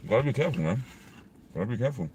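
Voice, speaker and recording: A man's voice: medium pitch, lively intonation, very fast, darkish tone, slight background noise. A man, vlogging in casual, rambling chat while eating in his car. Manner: rambling, chatty, many fillers. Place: inside a parked car.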